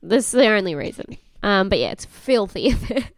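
A woman's voice: medium pitch, big pitch swings, brisk, no echo, clean studio sound. A woman co-hosting a casual podcast chat, swearing freely and acting out quotes as she recaps a show. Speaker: podcast co-host.

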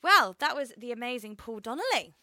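A woman's voice: on the high side, big pitch swings, brisk, over a noisy crowd. A young woman co-hosting a podcast in casual chat, laughing often and acting out quotes. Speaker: podcast co-host.

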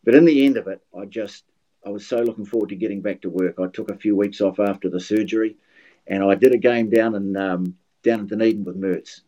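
An older man with a New Zealand accent speaks as a guest commentator, swapping anecdotes in a casual podcast chat and frequently restarting his sentences. His voice sits fairly low with fairly even intonation, brisk pacing and a warm tone. The audio is dull.

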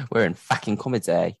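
A British man co-hosting a casual podcast, his pitch swinging all over as he jokes and laughs. He swears freely, and the sound is close and dry, with no room around it. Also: vocal fry, husky, dry recording. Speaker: podcast co-host.

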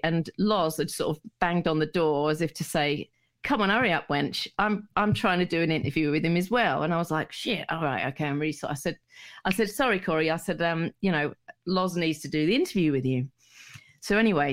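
A middle-aged woman, a radio DJ telling stories in a casual, rambling chat full of restarts and laughter. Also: sits low. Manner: rambling and chatty, many restarts, laughs easily. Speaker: radio DJ, guest.

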